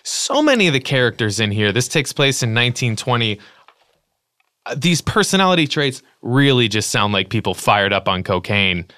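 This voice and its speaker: Bright, animated, swearing man. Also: mid-range voice, normal speed, smooth, no room sound. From lives in Los Angeles. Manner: animated, profane, acts out quotes. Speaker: podcast guest. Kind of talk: casual book-club chat.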